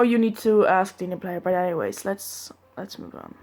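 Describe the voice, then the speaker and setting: A woman's voice: on the low side, moderate pace, a little mellow. Young-sounding woman reading fanfiction aloud. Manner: casual, earnest, drops in chatty asides. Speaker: fanfiction reader.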